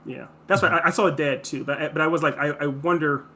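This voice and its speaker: A man in casual creative brainstorming chat, talking fast and animatedly, jumping into characters' voices. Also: a little high, steady tone, over a noisy crowd. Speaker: co-host.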